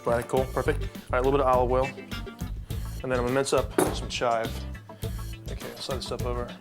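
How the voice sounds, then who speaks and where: A man's voice: mid-range voice, flat delivery, fast talker. A man cooking and explaining in a laid-back, chatty demonstration. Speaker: chef. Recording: music under voice.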